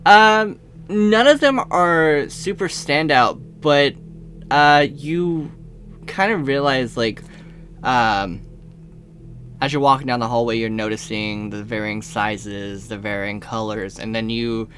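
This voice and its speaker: A man running a tabletop game as game master, narrating descriptively with frequent pauses and fillers. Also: mid-range voice, fairly bright tone, a little hiss or hum. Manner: descriptive, slows for atmosphere, frequent uhs.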